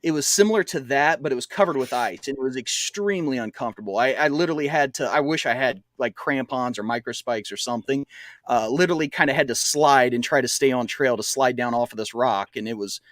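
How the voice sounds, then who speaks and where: Man, podcast co-host, rambling storyteller, plenty of fillers, middle pitch, dry sound. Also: quick pace, a bit bright, no echo. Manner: rambling, laughs often, many fillers. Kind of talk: casual storytelling chat.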